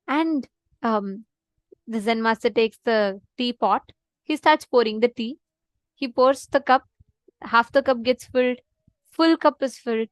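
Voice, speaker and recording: A woman with a fairly high voice leads an online class, mixing practical instructions with a teaching story. She is dry and close to the mic, reassures her listeners and keeps checking in with "okay?" and "right?". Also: no room sound. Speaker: program instructor.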